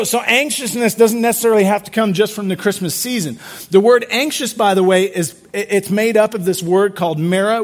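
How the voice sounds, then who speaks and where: A man preaching a sermon in a conversational way, asking the congregation questions and often repeating his words. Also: high-pitched. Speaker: pastor.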